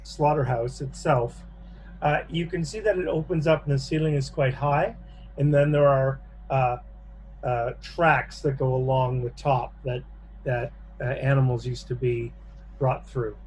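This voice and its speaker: A man narrating a tabletop horror game as game master on a video call, pausing often with fillers. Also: mid-range voice, steady tone, a little mellow. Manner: halting narration with many fillers.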